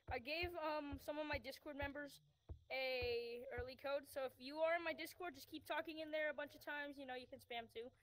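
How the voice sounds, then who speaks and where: A woman's voice: high voice, steady tone, a little fast, slight background noise. A woman live-streaming a VR game, chatting casually and rambling with lots of fillers and restarts into a headset mic.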